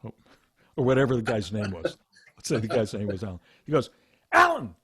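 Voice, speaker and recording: A man, a meditation teacher, telling Zen stories in a casual, animated way with laughs and asides. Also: on the low side, fast talker. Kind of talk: casual spiritual talk.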